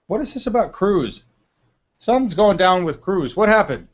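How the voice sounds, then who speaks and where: A man's voice: high-pitched, animated, normal speed. A man hosting a casual live stream, chatting, laughing often and reading the chat aloud. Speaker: livestream host. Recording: dull lo-fi stream audio.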